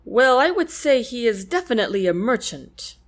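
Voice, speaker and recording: A woman voicing a calm, assured young nobleman who speaks in a measured way. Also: on the high side.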